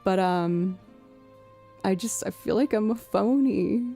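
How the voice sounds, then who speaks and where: A woman's voice: mid-range voice, slow, creaky, dark tone, soft background music. A woman in her thirties from outside Boston, chatting casually with viewers on her stream in a rambling way, full of fillers and a Boston accent with a hint of Southern. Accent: Boston with a creeping Southern twang. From New England, outside Boston. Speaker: streamer and musician. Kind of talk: casual live-stream chat.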